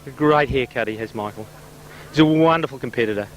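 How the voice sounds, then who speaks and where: A man's voice: medium pitch, fast, a little hiss or hum, close to an everyday voice, rough recording. A man doing an impression of a gushing, famous TV football commentator, a bit out of breath. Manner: gushing, effusive praise. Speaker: guest commentator. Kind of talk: comic sports commentary.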